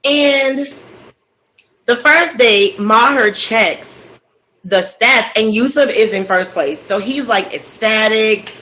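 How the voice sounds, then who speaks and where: A woman's voice: on the high side, slow, low-quality recording. A woman hosting a cooking vlog, chatting as she recaps a story and acts out the quotes. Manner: chatty, with animated quoted voices.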